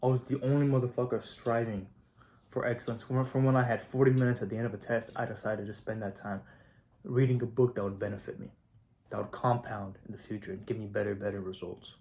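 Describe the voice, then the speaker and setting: A teenage high school student talking casually to camera, swearing often and getting fired up, with lots of filler words. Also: male voice, steady tone, quick pace, gravelly, darkish tone. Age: teens. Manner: profane, hyped, heavy "like" and "not gonna lie". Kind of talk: casual vlog monologue.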